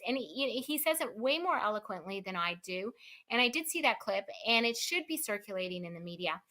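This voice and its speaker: A woman talking as a lawyer guest in a casual interview, speaking in an animated, emphatic way and leaning on fillers. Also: fairly high pitch, moderate pace.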